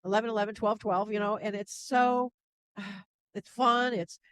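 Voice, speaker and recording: A woman guest who works as a spiritual channel, speaking gently and laughing softly between thoughts. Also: mid-range voice, fairly even intonation, normal speed, slight background noise, rough recording. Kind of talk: casual interview chat.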